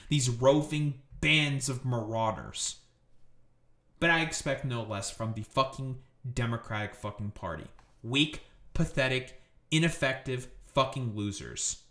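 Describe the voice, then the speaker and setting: A man's voice: medium pitch, bright, forceful tone, echoey room. A man ranting on a live stream in a profane, sarcastic, exasperated way.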